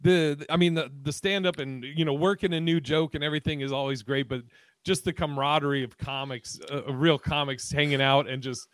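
A man hosting a comedy podcast, telling stories in a profane, animated way and laughing often. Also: a little high, fairly quick, dry recording. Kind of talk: casual chat. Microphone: video call.

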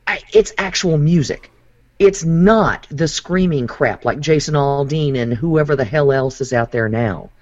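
A man's voice: a little high, measured pace, a little mellow, no room sound. A man co-hosting a casual talk show, chatty and opinionated. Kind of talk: casual chat. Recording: dry, dull lo-fi sound.

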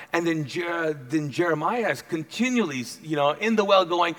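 Male preacher, high voice, animated and playful storyteller. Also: fairly quick. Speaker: pastor. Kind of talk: sermon.

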